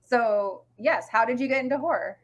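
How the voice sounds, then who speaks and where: A woman's voice: a little high, normal speed. A woman with a Canadian accent, co-hosting a podcast in casual chat, playful and teasing, acting out quotes, on a remote call mic. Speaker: podcast co-host.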